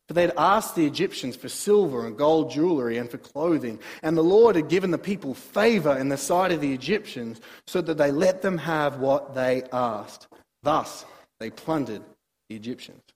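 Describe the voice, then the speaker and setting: Preacher, high voice, booming hall. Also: male voice. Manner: animated, swings between soft asides and emphatic bursts. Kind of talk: sermon, Bible exposition.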